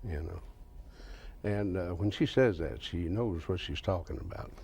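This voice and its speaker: A man in his fifties with a Southern US accent, a country singer and author appearing as a guest on TV, tells folksy stories and laughs his way through them. His voice is low, a little mellow and creaky with a breathy edge, and his delivery is unhurried yet lively in intonation.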